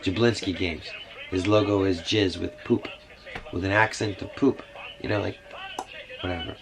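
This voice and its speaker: A man talks in a loose, rambling way and drifts from one aside to the next. His voice sits fairly low. Music plays clearly underneath him the whole time. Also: steady tone, moderate pace, rough recording. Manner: meandering, full of fillers and asides. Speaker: vlogger. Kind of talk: rambling casual monologue. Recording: music playing behind.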